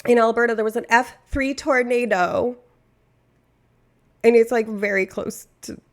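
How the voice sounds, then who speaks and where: A woman's voice: fairly high pitch, a little slow. A woman from Canada, a streamer chatting casually and rambling, laughing often at herself. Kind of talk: casual chat.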